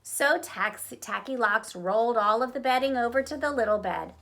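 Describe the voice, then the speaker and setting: A woman reading a children's picture book aloud in an expressive, animated way. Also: on the high side, moderate pace. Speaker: storyteller. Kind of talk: children's story read-aloud.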